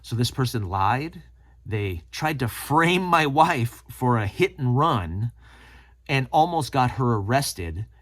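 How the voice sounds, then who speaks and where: A man's voice: mid-range voice, slow, husky. A middle-aged man hosting his own channel, telling a personal story to camera and acting out the people he quotes. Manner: animated, acts out quoted people. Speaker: channel host.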